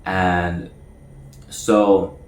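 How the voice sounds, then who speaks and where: A man's voice: level tone, drawn-out words. A man casually telling a personal story, stammering and repeating words often. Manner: stammers and repeats words, acts out quoted voices higher and louder. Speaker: storyteller recounting his past. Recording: echoey room.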